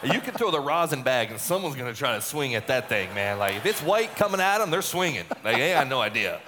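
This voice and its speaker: A retired relief pitcher tells a story in an interview, a man of ordinary pitch who talks in a chatty, looping way and often repeats his words. His voice rings with a long hall reverb. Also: brisk, slight background noise. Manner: chatty, repeats words, lively acted-out quotes.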